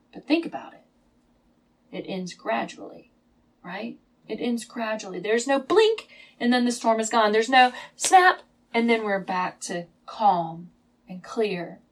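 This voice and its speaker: A woman teaching a Bible lesson as a sermon, telling the story dramatically, at times hushed and at times emphatic. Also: medium pitch, lively intonation, measured pace, low-quality recording.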